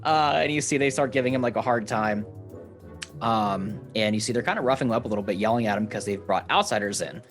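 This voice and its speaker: A man's voice: lowish voice, fast talker, faint music behind. A man narrating a tabletop game as game master in a casual, rambling way.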